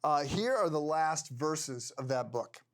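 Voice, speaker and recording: An older man teaching a Bible lesson in a conversational, halting way, with frequent restarts. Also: a little high, expressive. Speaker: pastor.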